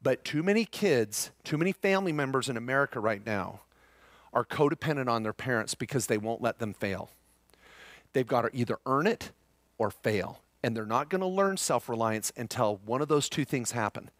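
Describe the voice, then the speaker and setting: A man's voice: mid-range voice, animated, normal speed, dry recording. A middle-aged man speaking to a live seminar audience, joking and upbeat, talking straight to the room.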